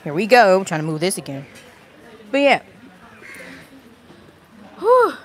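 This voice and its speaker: Talking briskly in a lowish voice with big pitch swings, a woman livestreams from a busy outdoor restaurant patio, a crowd audible around her. Into her handheld phone mic she rambles chattily, a little breathless, laughing often.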